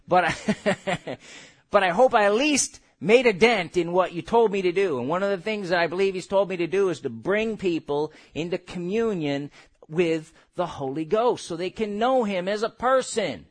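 Male preacher, high voice, lively sermon delivery, acts out little scenes. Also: normal speed. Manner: animated, acts out quotes, laughs.

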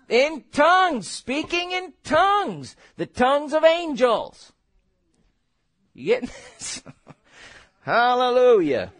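A man preaching a sermon in a lively, conversational way, asking the congregation questions and laughing between points. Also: extremely high pitch.

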